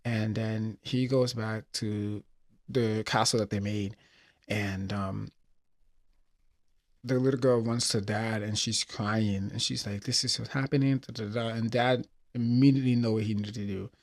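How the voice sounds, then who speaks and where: A man's voice: fairly low pitch, fairly even intonation, measured pace, a little mellow. Emotional man retelling a story. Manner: emotional, rambling retelling with many fillers. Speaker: podcast host. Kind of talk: casual personal talk.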